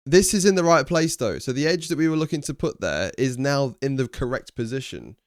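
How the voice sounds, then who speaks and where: A man's voice: mid-range voice, lively intonation, fairly quick, dry recording. Young English man, streamer, casual chat, swears a lot, thinks aloud, resonant, dry sound. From England. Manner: chatty, swears, thinks aloud while solving.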